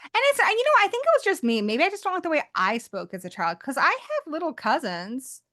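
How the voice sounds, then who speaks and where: A woman's voice: high-pitched, very animated, brisk, sharp tone. A woman from England, with an accent mixing British and American, chatting casually and rambling a little. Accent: mixed British and American. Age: adult. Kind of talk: casual chat.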